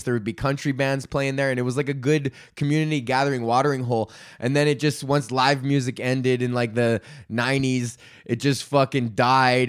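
A man hosting a comedy podcast in a rambling, profane rant. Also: mid-range voice. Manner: rambling, profane, full of fillers and laughs. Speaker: podcast host.

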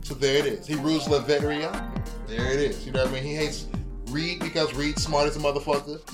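A man in casual, profane chat who gets animated and acts out scenes as he talks. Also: fairly high pitch, fairly quick. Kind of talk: casual chat about comic book movies. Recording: music playing underneath.

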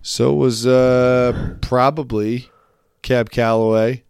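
A man's voice: mid-range voice, flat delivery, slow, vocal fry, a little mellow, clean tone, no room sound, clean studio sound. A man co-hosting a casual podcast, telling rambling stories and swearing freely. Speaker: podcast co-host. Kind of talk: casual chat.

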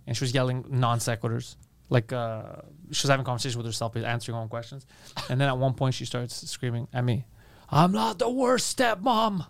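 A man's voice: mid-range voice, fast, clean tone. A man co-hosting a podcast, telling comic stories in casual chat and acting out the people in them. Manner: animated storytelling, acts out quotes. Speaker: podcast co-host.

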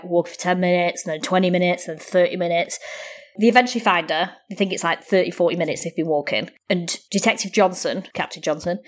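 A woman co-hosting a casual true-crime chat, telling the story in a chatty, storytelling way and laughing often. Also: lowish voice. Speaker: podcast co-host.

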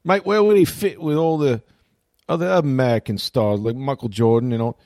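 A man's voice: mid-range voice, normal speed, a little mellow, dry recording, clean studio sound, pitched above the performer's own voice, close to an everyday voice. A man imitating a chatty Australian morning show host with an Australian accent, who keeps calling people mate. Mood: breezy. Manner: breezy, calls everyone mate.

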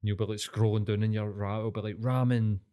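A man's voice: on the low side, steady tone, a little fast, dark tone, clean tone. Laid back scottish guy cohosting a podcast, chuckles a lot, sweary. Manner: easygoing, chuckling, swears casually. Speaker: podcast co-host. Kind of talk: casual chat.

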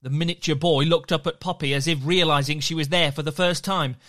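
A storyteller narrating a children's story with an expressive, lively delivery. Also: mid-range voice, brisk.

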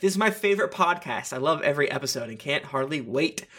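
A man's voice: fairly high pitch, animated, fast talker, pushed and bright. A man hosting a tabletop game podcast, reading listener reviews aloud in a playful way with jokey asides. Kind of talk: casual chat among tabletop game players.

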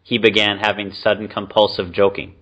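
A man co-hosting a podcast in casual chat, dropping dry, quick quips. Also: lowish voice, completely flat delivery, fairly bright tone, lo-fi sound. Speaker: podcast co-host.

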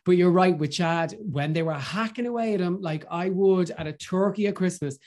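An Irish man talks in a gushing, animated way, his voice sitting a little high for a man. He trips over restarts as his excitement runs ahead of him, in casual podcast chat. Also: moderate pace. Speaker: podcast guest. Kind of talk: casual film review chat.

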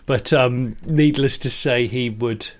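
A man's voice: medium pitch, takes it slowly. Rambling British man telling car stories. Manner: rambling, anecdotal, with frequent restarts and chuckles. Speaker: podcast co-host. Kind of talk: casual chat.

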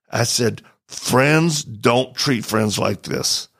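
A man's voice: mid-range voice, slow, creaky, breathy edge. A middle-aged man hosting a podcast, telling a story and acting out the quoted voices. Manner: animated, acts out quoted voices. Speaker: podcast host. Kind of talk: storytelling in a casual chat.

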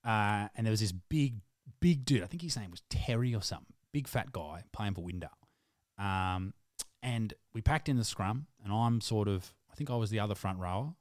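A man's voice: lowish voice, animated, moderate pace, dry recording, clean studio sound. An Australian man co-hosting a podcast, telling rambling, crude footy stories. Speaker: podcast co-host. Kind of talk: casual storytelling.

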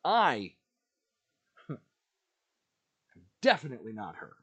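A man's voice: medium pitch, wildly swooping pitch, drawn-out words, fairly bright tone, breathy edge. A man hosting a podcast, delivering an emphatic, ranting monologue with lots of repetition. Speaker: podcast host.

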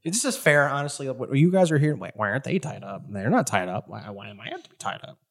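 A game master with a very lively voice narrates a tabletop game. The pitch swings widely as the voice jumps from plain narration into one character after another. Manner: quick voice switches between narration and characters.

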